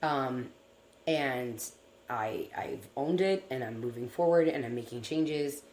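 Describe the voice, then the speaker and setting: Low-voiced earnest woman co-host, roomy sound. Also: slow pace, slight background noise. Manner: earnest, rambling, animated. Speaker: talk show co-host. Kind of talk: emotional personal talk.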